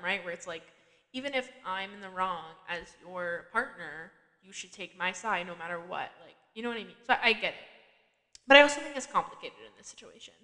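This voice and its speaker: A woman's voice: mid-range voice, sharp tone, big-room sound. A woman hosting a podcast, recapping a TV episode in a chatty, filler-heavy way with frequent asides. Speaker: podcast host. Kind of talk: casual chat recapping a TV episode.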